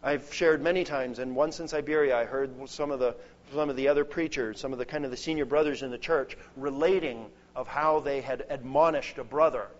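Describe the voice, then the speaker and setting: A man's voice: mid-range voice, fairly even intonation, fairly quick. A man preaching a sermon, earnest and emphatic, building points through lists. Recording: dull lo-fi sound.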